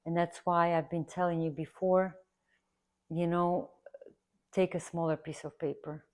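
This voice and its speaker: Low-voiced woman chatting while she draws. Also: flat delivery, a little slow. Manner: rambling, earnest, repeats herself for emphasis. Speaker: art instructor. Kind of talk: casual chatty tutorial while drawing.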